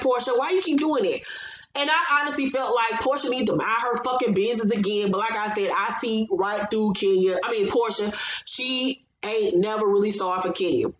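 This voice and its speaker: A woman recapping a reality TV episode in a blunt, sassy, heavily profane casual style. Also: mid-range voice. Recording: roomy, slightly dull recording.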